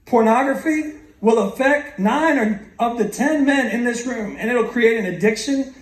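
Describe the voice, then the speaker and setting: Guy in his 30s telling his life story at a school convocation, pretty high voice, echoey hall, sounds far from the mic. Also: normal speed. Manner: earnest personal storytelling with restarts. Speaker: guest speaker. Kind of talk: motivational convocation speech.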